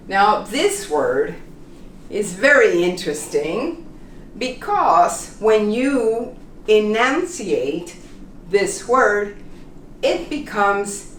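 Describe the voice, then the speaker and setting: Slow, patient woman teaching pronunciation. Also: mid-range voice, sing-song, roomy sound, recorded from a distance, a little hiss or hum. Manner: repeats example phrases slowly, checks in with "okay?". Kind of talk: slow, deliberate classroom instruction.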